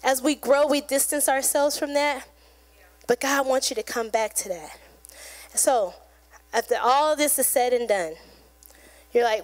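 High-voiced woman preaching a casual sermon. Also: unhurried. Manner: conversational, earnest, acts out little quoted prayers and chats. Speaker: pastor. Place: church sanctuary.

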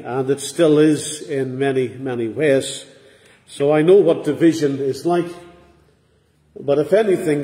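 Preacher in echoey church. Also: male voice, on the high side, dark tone. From Northern Ireland. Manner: measured, earnest preaching with pauses. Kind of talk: sermon. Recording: echoey hall with long reverb.

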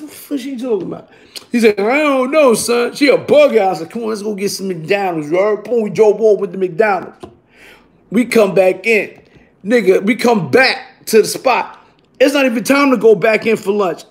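A man's voice: very high voice, moderate pace, vocal fry. A man telling a profane, streetwise story from his workday, acting out the other people and the sound effects himself. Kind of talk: casual spoken storytelling.

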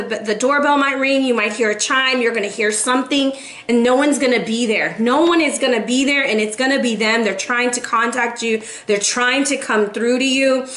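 A tarot reader in her forties, speaking with a fairly high, slightly bright voice, gives viewers a casual reading. She's earnest and emotional, sighing between messages.

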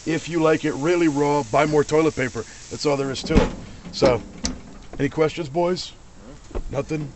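A man's voice: fairly high pitch, steady tone, normal speed, noisy background. A man hosting a casual cooking demonstration in a kitchen, joking and bantering with his crew as he cooks. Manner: joking, brash, talks to crew. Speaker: cooking show host. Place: kitchen with grill.

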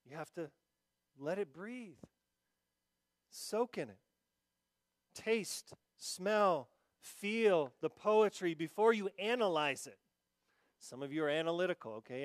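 A male pastor preaches in a fairly high voice, talking casually and then rising into emphatic bursts before dropping low and slow. The sound is close and dry, with no room around it. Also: expressive, no room sound. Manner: acts out quoted listeners in mock confusion. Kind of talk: sermon.

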